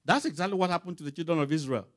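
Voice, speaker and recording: A man's voice: on the high side, very fast. A man preaching a sermon with emphatic, rising and falling delivery, calling out scripture references for a reader to read aloud.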